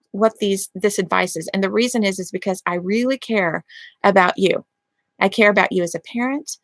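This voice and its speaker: A woman's voice: on the high side, a bit bright, no room sound. A woman hosting a parenting advice channel, reading quotes aloud and criticising them emphatically. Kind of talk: casual critical commentary.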